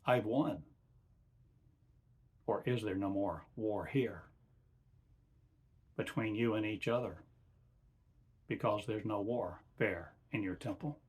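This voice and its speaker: A man acting as a spiritual teacher, giving a channeled spiritual address in slow, halting short phrases that often trail off softly. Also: on the low side, breathy edge.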